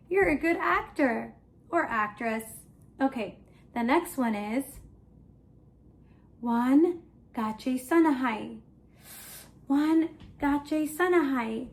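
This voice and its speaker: High-voiced lady teaching little kids, slow and playful, acts out every feeling. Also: expressive. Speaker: children's language teacher. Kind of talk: toddler language lesson.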